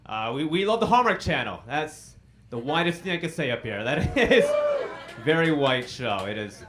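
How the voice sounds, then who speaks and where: Self-deprecating stand-up comic with a lively voice. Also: male voice, on the high side, moderate pace, heavy background noise. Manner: self-deprecating, dry punchlines to the crowd. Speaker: stand-up comedian. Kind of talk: stand-up comedy set. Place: comedy club stage.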